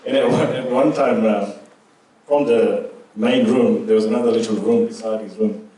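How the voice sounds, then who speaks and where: A man's voice: on the low side, steady tone, moderate pace, dark tone. A middle-aged man telling cheeky personal anecdotes in a casual, chuckling way. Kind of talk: casual storytelling. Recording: echoey room, distant mic.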